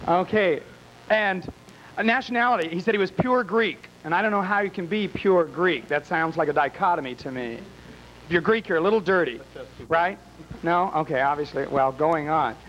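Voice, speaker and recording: High-voiced, wisecracking male emcee. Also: normal speed, a bit bright, poor audio. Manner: teasing, wisecracking. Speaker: game show emcee. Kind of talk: campy live emceeing. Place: small bar with a live audience.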